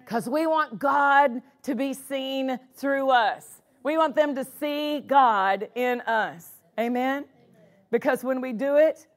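A woman pastor preaching a sermon in a church, punctuating her points with exclamations of praise. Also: high-pitched. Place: church sanctuary.

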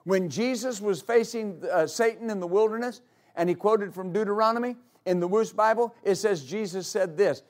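Preaching as pastor before his congregation, a man sits high in pitch and keeps a moderate pace. He is emphatic throughout, repeating key phrases to give them weight at the church service.

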